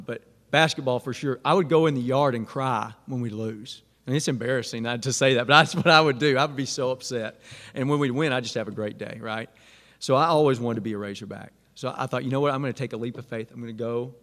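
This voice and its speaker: A man, casually telling a self-deprecating personal story to students. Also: medium pitch. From Arkansas. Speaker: speaker at a Catholic student event. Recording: long hall reverb.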